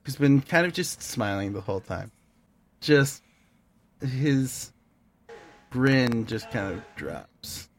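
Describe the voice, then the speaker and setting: Man, game master, tabletop game narration, slow delivery, lively pitch. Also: a little hiss or hum. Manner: unhurried, describing actions.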